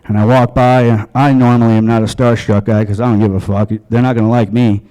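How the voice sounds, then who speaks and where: A man's voice: medium pitch, level tone, brisk, warm tone, clear, resonant tone, poor audio. Crude, profane stand-up comedian man. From Long Island, USA. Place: comedy club stage.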